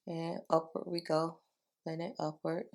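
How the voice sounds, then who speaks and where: A woman chatting casually through a makeup tutorial, speaking low in her morning voice and calling her viewers y'all. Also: flat delivery, unhurried, a little mellow. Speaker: beauty vlogger.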